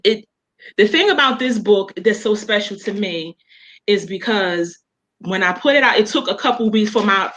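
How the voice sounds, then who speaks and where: A woman's voice: mid-range voice, rough recording. A woman author talking casually as an interview guest, telling emotional personal stories with many fillers and restarts.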